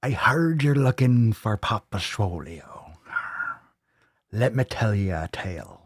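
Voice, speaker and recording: A grizzled old pirate leans in to tell a tale, his put-on Irish brogue gruff and unhurried, as a man puts him on. The voice sits low, and the recording is dry and close. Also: expressive, dry recording, heavily acted. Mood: yarn-spinning. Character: old male pirate storyteller in a pub.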